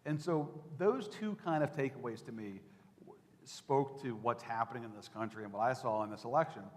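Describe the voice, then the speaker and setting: A man's voice: medium pitch, normal speed, darkish tone. A man, a political reporter, telling campaign stories to an audience in a conversational, anecdotal way, with fillers and restarts. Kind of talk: talk to an audience. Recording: echoey hall with long reverb.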